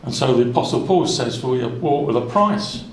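A man's voice: mid-range voice, animated, a little fast. Earnest preacher man in an echoey hall. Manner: earnest, conversational, many asides and restarts. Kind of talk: expository Bible sermon. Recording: echoey room.

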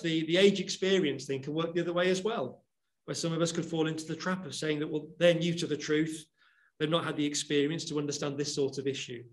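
A man giving a sermon, reading Bible verses aloud and explaining them with questions to his listeners. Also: on the high side. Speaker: preacher.

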